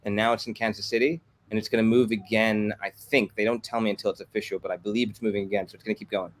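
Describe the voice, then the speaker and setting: A man with a lowish voice talks quickly and eagerly in a casual interview. He tells long anecdotes and slips into the voices of the people he quotes. It is relaxed conversation, not a script. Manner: fast, animated anecdotes with acted-out quotes. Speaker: guest, comics company executive.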